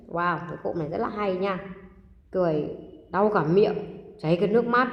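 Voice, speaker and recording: A woman with a Vietnamese accent, a native Vietnamese speaker, teaching English by reading a children's story with expression and repeating vocabulary slowly for practice. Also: on the low side. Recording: roomy echo with long reverb.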